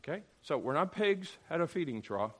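A man's voice: fairly high pitch, big pitch swings, fairly quick. A middle-aged man teaching a Bible class, sarcastic and acting out the voices he quotes.

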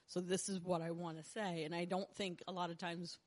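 A woman's voice: on the low side, little pitch movement, fairly quick. A woman in a church study group reflecting on a question as she answers. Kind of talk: discussion answer.

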